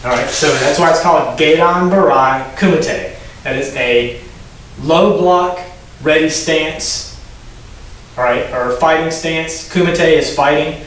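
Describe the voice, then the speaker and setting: Brief: male karate instructor, fairly high voice, recorded from afar in a very echoey room. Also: takes it slowly, a bit bright, a little hiss or hum. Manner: instructive, calls Japanese counts rising sharply in pitch. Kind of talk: teaching a class, explaining and calling counts. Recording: very echoey room, distant mic.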